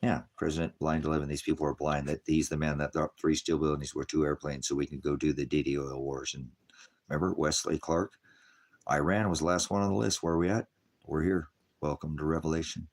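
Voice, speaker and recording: A man's voice: a bass voice, level tone, fairly quick. A man preaching casually to an online audience, rambling from point to point, often chuckling and mocking others in put-on voices.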